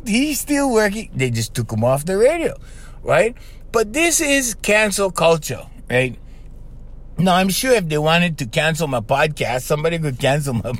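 A man from Hawaii hosting a casual podcast monologue. He talks straight to his listeners and acts out the people he quotes. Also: a little high. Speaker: podcast host.

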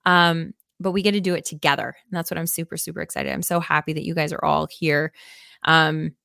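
A woman's voice: deep voice, flat delivery, a little fast, vocal fry, pushed and bright, no room sound, studio quality. A woman hosting a podcast, talking in an earnest, enthusiastic and rambling way, with many fillers. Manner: enthusiastic, emphatic. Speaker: podcast host. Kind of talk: casual reflective podcast chat.

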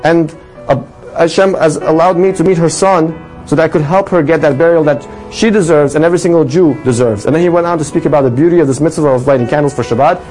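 A man telling a religious story with a moral in an animated sermon style, his voice rising for the dramatic lines. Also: fairly high pitch, quick pace, soft background music, poor audio. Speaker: storyteller teaching a religious lesson.

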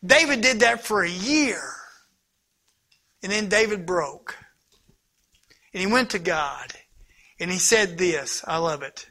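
High, bright-voiced preacher. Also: male voice, lively intonation, slow, pauses often. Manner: impassioned preaching that swings from loud to hushed. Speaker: pastor. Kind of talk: sermon.

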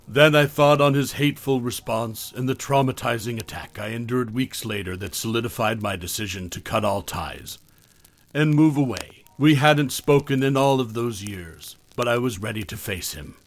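Male horror narrator, measured delivery, mid-range voice. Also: mid-range voice, no room sound. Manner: measured, steady storytelling.

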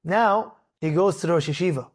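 High-voiced, animated storytelling rabbi. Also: male voice, brisk, slightly rough. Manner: animated and dramatic, acts out the characters, rises to shouts at peaks. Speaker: rabbi telling an inspirational story. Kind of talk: storytelling sermon.

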